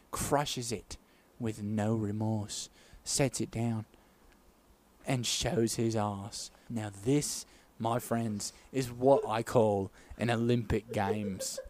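A drunk young man co-hosting a comedy podcast, laughing a lot and slipping into mock announcer play-by-play. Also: mid-range voice. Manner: loud, laughing, swings into playful announcer bits. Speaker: podcast co-host. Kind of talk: drunk comedic chat and mock sports commentary.

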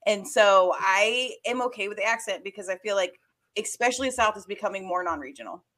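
A woman's voice: mid-range voice, brisk, bright, forceful tone. A woman from Georgia co-hosting a podcast, talking casually and bluntly about a film. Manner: emphatic, blunt, swears freely. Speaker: podcast co-host. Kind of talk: casual chat, film review.

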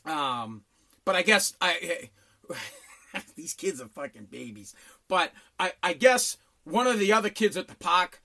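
A man's voice: high voice, unhurried. A middle-aged man telling a blunt, profane story in a casual rant. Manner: animated, profane, blunt storytelling with mock voices.

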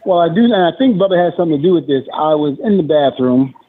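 A man's voice: on the high side, lively intonation, fast, slightly rough. A man guest in casual chat on a podcast, telling stories with many fillers and restarts. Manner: rambling storyteller, frequent fillers. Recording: tinny phone-like remote line with faint noise.

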